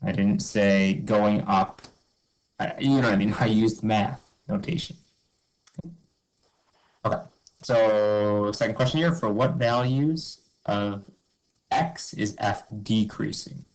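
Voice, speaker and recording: This man's low, darkish voice moves slowly and pauses often as he teaches a math review. He stays upbeat and informal, explaining each step, asking and answering his own questions, and frequently saying "okay" and "cool." It's a rough recording.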